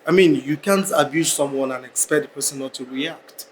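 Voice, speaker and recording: A man's voice: medium pitch, moderate pace, slight background noise, close to an everyday voice, poor audio. An actor with a Nigerian accent playing a friend who firmly reasons with and lectures a hot-tempered man. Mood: reasoning. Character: level-headed male friend scolding a hot-tempered man. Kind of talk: film drama acting.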